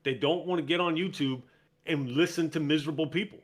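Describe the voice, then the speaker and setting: A man's voice: on the high side, steady tone, a little fast. A man in casual podcast chat, explaining his view persuasively with rhetorical questions.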